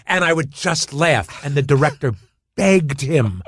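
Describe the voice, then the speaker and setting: A man's voice: fairly high pitch, measured pace, breathy edge, no echo, clean studio sound. A man being interviewed as a guest, telling anecdotes in casual chat, stammering and restarting as he acts them out. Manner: animated storyteller who stammers and restarts while acting out anecdotes.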